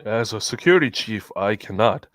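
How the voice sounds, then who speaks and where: A man's voice: lowish voice, lively intonation, moderate pace, no echo, studio quality. A man playing a security chief in a tabletop game, formal and stiff in character. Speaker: player voicing a security chief. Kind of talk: casual tabletop role-play.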